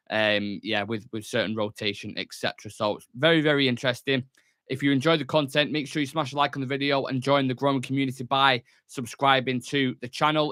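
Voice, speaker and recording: A young Englishman hosts a football fan channel's news show alone from a small studio room, chatting and joking casually with lots of fillers. His medium-pitched voice is bright and forceful, captured cleanly with no room sound.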